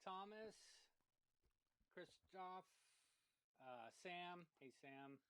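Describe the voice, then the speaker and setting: A man's voice: high voice, lively intonation, drawn-out words, a bit bright, clear, resonant tone, dry recording. Easygoing man co-hosting over a call. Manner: easygoing, joking. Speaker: co-host. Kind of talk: casual livestream chat.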